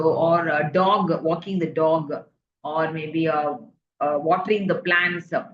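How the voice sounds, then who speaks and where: A woman's voice: fairly low pitch, slight background noise. A woman coaching her audience in a workshop talk, earnest and repetitive, with many fillers, often asking her listeners questions. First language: Tamil. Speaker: life coach. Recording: muffled, echoey room.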